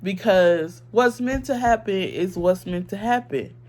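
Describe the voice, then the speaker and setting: A woman's voice: mid-range voice, measured pace, a little mellow. A young woman vlogging her opinions in casual, earnest talk, emotional and full of "like" and "um".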